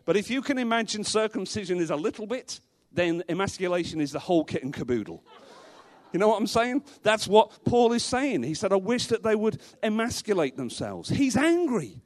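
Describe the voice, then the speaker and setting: A man with a high, light voice preaches a sermon from the pulpit. He is emphatic, hammering home his points with repeated rhetorical questions and the odd dry joke. He speaks to a congregation gathered in a church. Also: very animated, brisk. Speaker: pastor.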